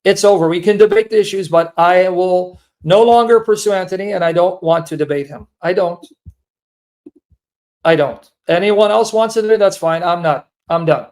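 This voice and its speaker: High-pitched guy telling an emotional testimony, earnest, keeps repeating himself. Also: normal speed, darkish tone. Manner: earnest, repetitive, pleading. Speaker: apologetics speaker.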